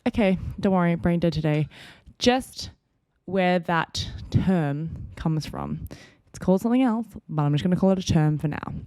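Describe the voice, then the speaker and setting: A woman's voice: fairly low pitch, normal speed, dark tone, no echo, studio quality. A woman in her twenties hosting a casual solo podcast, chatty and rambling with playful sudden jumps in tone. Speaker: podcast host.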